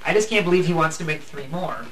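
A man's voice: on the high side, lively intonation, fast talker, a crowd in the background. A man co-hosting a casual podcast, joking around, laughing and swearing freely. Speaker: podcast co-host. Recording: echoey room, distant mic, faint hiss.

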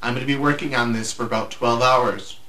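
A man's voice: medium pitch, fairly even intonation, brisk, bright, forceful tone. Dry sarcastic man in a roomy space. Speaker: podcast co-host and editor. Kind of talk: casual podcast chat. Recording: roomy echo, faint hiss.

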